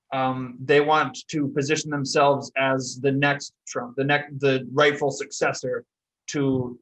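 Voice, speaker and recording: A man's voice: medium pitch, fairly bright tone, low-quality recording. A man on a podcast panel, laying out his views on politics bluntly and with profanity. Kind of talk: casual political discussion.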